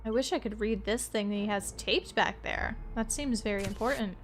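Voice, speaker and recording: A woman's voice: mid-range voice, moderate pace, faint music behind. A woman from Florida, a streamer chatting playfully with her viewers while she plays a point-and-click detective game. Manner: chatty, playful, talks to chat. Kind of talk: let's play commentary.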